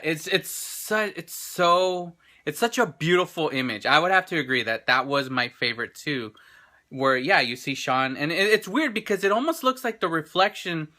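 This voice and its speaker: A show host in his thirties with a fairly high, sharp-toned voice chats casually in a vlog, rambling enthusiastically and restarting often. It was recorded on a handheld camera in an indoor gallery.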